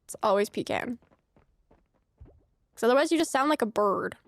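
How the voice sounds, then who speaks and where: Expressive and a bit high-pitched, this streamer talks at a moderate pace over her farming game, free of echo. Her let's-play chat is casual, drifting into rambling asides and punctuated by frequent laughs.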